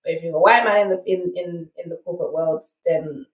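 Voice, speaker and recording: On a podcast, a South London woman guest speaks candidly and emphatically about her story, regularly checking in with "right?". Her low-ish voice holds a steady tone at a brisk pace. The sound is narrow and tinny, with an echoey room and distant mic.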